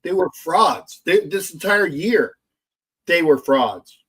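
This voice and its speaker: Loud gloating man hosting a sports livestream. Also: fairly high pitch, animated, slow pace, breathy edge. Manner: loud, gloating, profane, repetitive. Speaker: livestream host. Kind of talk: casual sports livestream chat.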